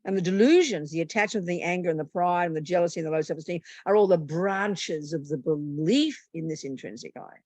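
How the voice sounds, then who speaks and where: A woman's voice: lowish voice, brisk, hardly any pauses, a little mellow, no echo. A woman, a Buddhist nun, teaching a meditation retreat in a blunt, plain-spoken and humorous way.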